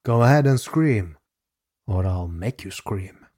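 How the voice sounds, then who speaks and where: A man voicing a cruel adult man who taunts in a low, quiet voice. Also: expressive, slow pace. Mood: cold taunting.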